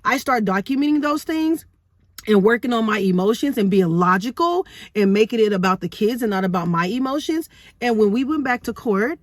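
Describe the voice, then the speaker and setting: A woman's voice: fairly high pitch, expressive, brisk, no room sound, clean studio sound. Earnest woman telling her story to camera. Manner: earnest, rhetorical questions, frequent "right?". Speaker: vlogger sharing parenting experience.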